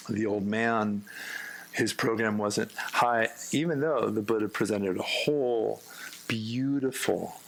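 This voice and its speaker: A man giving a meditation talk to a group, slow and gentle, with self-mocking humor. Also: fairly low pitch, creaky, rough recording. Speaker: meditation teacher.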